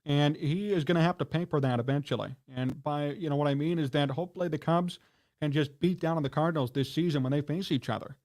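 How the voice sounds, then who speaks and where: Male sports talk host with a high voice. Heated, indignant, scolding rant. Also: fast, darkish tone.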